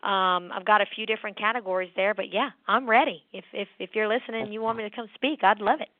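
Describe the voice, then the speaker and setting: A woman's voice: medium pitch, quick pace, no echo. Woman guest, enthusiastic and upbeat, phone-quality audio. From Louisiana. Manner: bubbly, enthusiastic. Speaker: podcast guest, charity founder. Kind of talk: interview podcast. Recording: phone-like line, dry.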